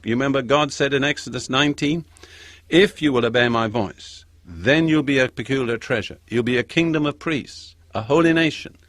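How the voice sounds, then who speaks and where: Man preaching a measured, emphatic sermon. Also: medium pitch, fairly bright tone, dry recording. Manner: measured, emphatic scripture reading.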